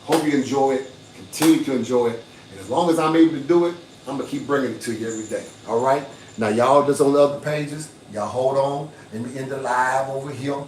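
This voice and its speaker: A boastful older man hosts a casual livestream, hustling his viewers and turning preachy now and then. His voice sits at an ordinary pitch and comes through an echoey room. He stands back from the phone, with a faint hum underneath. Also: fairly quick, distant mic. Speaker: livestream host.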